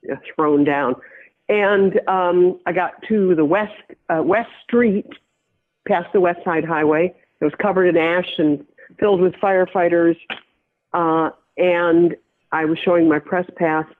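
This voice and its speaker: Older woman recounting over a tinny phone line. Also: on the low side. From American Midwest. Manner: measured, reflective recounting with many restarts. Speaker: veteran journalist guest. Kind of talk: personal storytelling in an interview.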